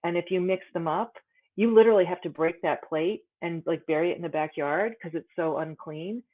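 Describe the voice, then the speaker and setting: A woman, an author and interview guest, telling a personal story in a casual, animated way with many "like" fillers. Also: lowish voice, fairly quick. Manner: animated, many "like" fillers, acts out her own thoughts. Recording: phone-like tinny call audio.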